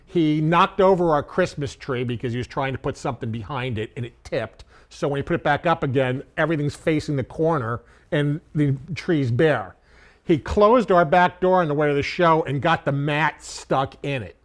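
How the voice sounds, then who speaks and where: A man with a slightly raised voice spins a comic story for a podcast, casual and animated. He trips over his restarts as he gets going, then rolls on through the tale. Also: a little high, moderate pace. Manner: animated anecdote teller, stammers on restarts. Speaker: podcast co-host, former journalist.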